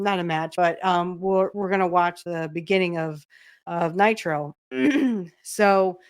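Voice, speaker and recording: A woman's voice: mid-range voice, smooth, no room sound, studio quality. A woman hosting a podcast in casual chat, rambling with many fillers and restarts. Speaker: podcast host.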